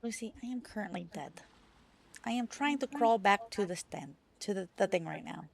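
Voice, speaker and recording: Young woman streaming a game, excitable and cussing, gravelly voice. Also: mid-range voice, moderate pace. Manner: excitable, swears freely. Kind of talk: casual gameplay chat.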